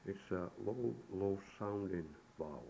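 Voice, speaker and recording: A man giving a recorded language lesson, saying the sounds slowly and deliberately, one syllable at a time. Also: low voice, creaky, dark tone, low-quality recording. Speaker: language teacher. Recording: old tape recording with faint hiss.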